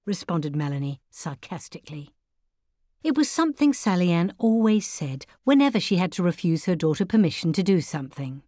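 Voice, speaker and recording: Low, expressive woman storyteller. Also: moderate pace, no echo, studio quality. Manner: calm, expressive. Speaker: narrator. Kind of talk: storytelling narration.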